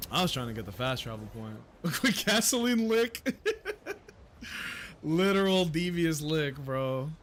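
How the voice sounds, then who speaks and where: Slow-talking profane young man streaming. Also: on the high side, a little hiss or hum. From United States. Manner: profane, jokey, loud excited outbursts. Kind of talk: casual gameplay livestream commentary.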